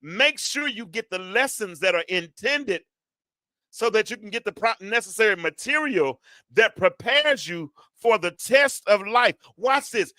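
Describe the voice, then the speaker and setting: Male preacher, rises from reflective to fervent, bright and higher pitched. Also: lively intonation, no echo. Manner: rising from quiet reflection to loud, drawn-out exhortation. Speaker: preacher and show host.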